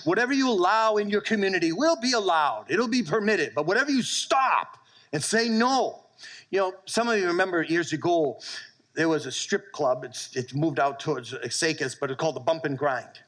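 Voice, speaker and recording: A middle-aged male pastor preaching a sermon, telling animated stories and calling for amens from his church. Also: on the high side, moderate pace, poor audio.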